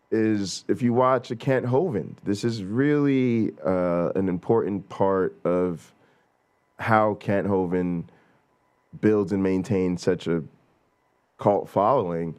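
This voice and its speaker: A man hosting a casual reaction show, laid-back and quick to laugh, with lots of fillers. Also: on the low side. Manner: relaxed, laughs a lot, drawn-out fillers. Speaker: host.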